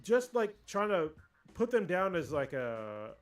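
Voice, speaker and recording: A man co-hosting a casual livestream podcast, ranting and swearing freely in animated chat. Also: high-pitched, a little slow. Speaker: podcast co-host.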